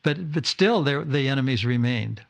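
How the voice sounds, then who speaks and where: An older man, a spiritual teacher, speaks at normal speed to disciples gathered in a home, his medium-pitched voice creaky but lively in intonation. The talk is informal and full of stumbles, repeated words and restarted sentences.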